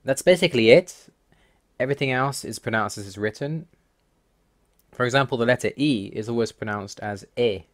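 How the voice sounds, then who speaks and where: A man hosting a language-learning video narrates a voice-over over slides, listing language rules one by one in a methodical, wry, mildly exasperated tone. His voice is medium-pitched, a little fast, with frequent pauses.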